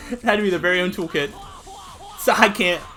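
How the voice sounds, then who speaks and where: A man hosting a let's play, casually commenting on a game and reading its text aloud as he plays. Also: sits high. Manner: animated, thinks out loud.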